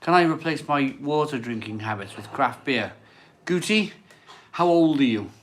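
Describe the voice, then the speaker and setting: A man's voice: mid-range voice, animated, moderate pace. A man, hosting a casual live stream, chatting and reading out viewer comments, rambling and repeating himself. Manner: chatty, rambling, repeats phrases, laughs often. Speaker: beer channel host reading live chat.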